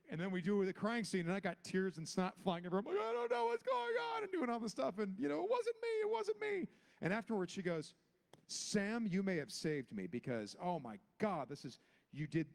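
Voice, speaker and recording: Storyteller, man, 40s, lively pitch, slightly high, acts out all the voices. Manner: acts out every character with big pitch jumps. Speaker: guest actor on a convention panel. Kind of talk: animated anecdote telling. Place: convention panel stage.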